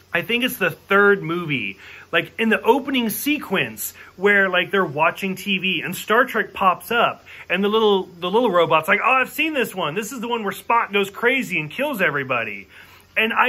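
High bright-voiced man ranting casually. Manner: frank and profane, with filler "like" and acted-out quotes. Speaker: movie reviewer. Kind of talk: casual ranting movie review.

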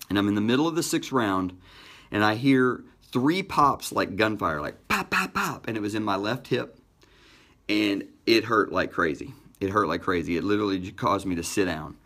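A middle-aged man hosting a motivational podcast, telling a personal story with energy and emphatic shifts in pitch and pace. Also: fairly bright tone.

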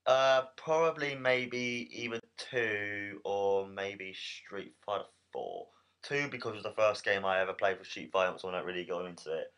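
A young man with a low, deep voice co-hosts a casual chat. He rambles in a relaxed way and trips over words now and then. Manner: relaxed, rambling, slightly halting. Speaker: podcast co-host.

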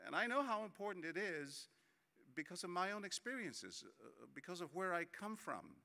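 A man's voice: sits high, very animated, normal speed, gravelly, pushed and bright. A man from Texas giving a conference keynote speech, chatty and joking at first, then earnest. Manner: chatty, jokey storyteller turning earnest. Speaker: keynote speaker. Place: large conference hall. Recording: reverberant hall.

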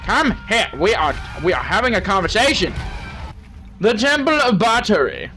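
A man's voice: high-pitched, sing-song, normal speed, pushed and bright, soft background music. A young man playing a game and commenting with crude, joking banter, talking to the characters on screen. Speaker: gaming channel host.

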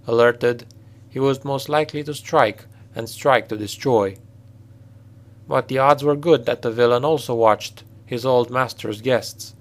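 A man narrating a dark fantasy novel in a steady, dramatic storytelling manner. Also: medium pitch. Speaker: audiobook narrator.

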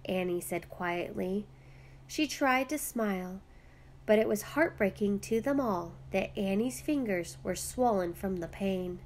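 A woman reading a children's picture book aloud with gentle, expressive storytelling. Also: medium pitch, a little slow, a little hiss or hum.

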